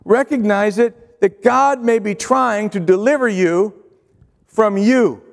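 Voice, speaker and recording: A man's voice: high-pitched, slow, vocal fry. A man preaching a sermon to a congregation, earnest and repetitive, asking rhetorical questions. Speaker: pastor. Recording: long hall reverb.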